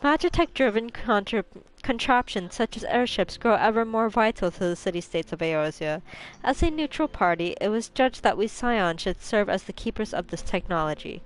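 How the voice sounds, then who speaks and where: A woman voicing a calm, gracious leader of a society, reading in a measured, formal way. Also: mid-range voice, natural voice, low-quality recording.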